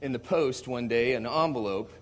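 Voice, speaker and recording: An American man, a visiting missionary, preaching a sermon to a congregation in a conversational storytelling way, moving from quiet asides to loud emphatic passages. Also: mid-range voice, normal speed. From United States. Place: church service before a congregation.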